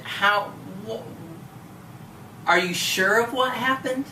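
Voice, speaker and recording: A patient, encouraging woman teacher tutors a student one-on-one, asking many questions. Her mid-range voice has a sharp tone and she takes it slowly, heard from far off in an echoey room with faint noise.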